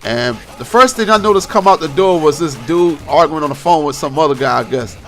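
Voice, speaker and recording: A young man hosting his vlog, telling a story in a casual, slang-heavy, animated way. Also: fairly high pitch, fairly quick. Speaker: vlog host.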